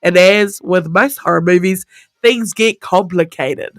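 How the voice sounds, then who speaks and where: A woman's voice: on the low side, a little slow, dry recording. A woman with a New Zealand accent co-hosting a breakfast radio show, teasing and joking with her co-host in a studio. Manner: playful, teasing. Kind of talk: casual radio banter. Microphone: studio microphone.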